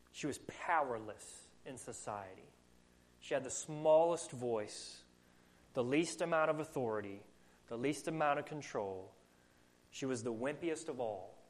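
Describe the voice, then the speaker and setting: A man with a Southern US accent preaching a sermon, earnest and full of rhetorical questions. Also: medium pitch. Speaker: pastor.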